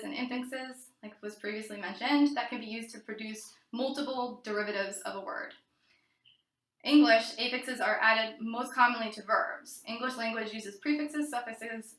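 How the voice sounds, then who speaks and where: A woman's voice: a little high, a bit bright, roomy sound, rough recording. A woman giving a read-aloud class presentation, reading from notes with occasional fillers and restarts. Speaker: student presenter.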